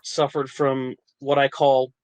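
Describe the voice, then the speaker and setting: A man's voice: medium pitch, completely flat delivery, slow pace, a little mellow, dry recording, rough recording. A man from New Jersey, an actor and writer, chatting as a podcast guest, laughing often and restarting his sentences. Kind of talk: casual interview chat.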